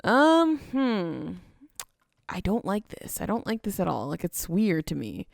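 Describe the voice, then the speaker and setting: A woman's voice: medium pitch, very animated, measured pace, gravelly, dry recording, clean studio sound. A woman casually narrating her building game, chatty and playful, talking to herself as she works. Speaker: gaming video host.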